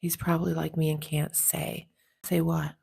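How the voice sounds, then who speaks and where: A woman's voice: low voice, flat delivery, normal speed, gravelly, a little mellow, breathy edge. A woman hosting a casual livestream chat, reading out viewer comments and teasing them in a chatty way. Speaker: livestream host.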